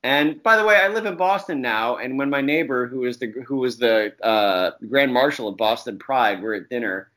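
A man telling stories as a guest in a casual chat, animated and profane, acting out quotes between bursts of laughter. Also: medium pitch, moderate pace, few pauses. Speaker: guest comics writer.

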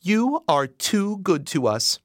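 A man's voice: sits high, big pitch swings, slow, no room sound, clean studio sound, voice pushed up, full character voice. A man voicing a gray-haired mother who gushes frantic, breathless thanks. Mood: overwhelmed. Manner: breathless, gushing, tearful thanks.

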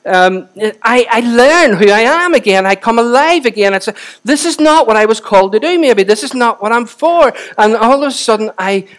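A man, preaching a sermon with chatty asides and repeated phrases for emphasis. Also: high voice. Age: 40s. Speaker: pastor.

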